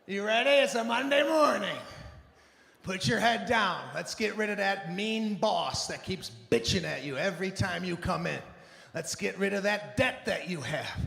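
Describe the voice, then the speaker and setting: A man's voice: high voice, normal speed, vocal fry, fairly bright tone. A man voicing an overly upbeat male spin class instructor who is pumping up the room. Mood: hyped up. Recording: echoey theater with long reverb and audience noise.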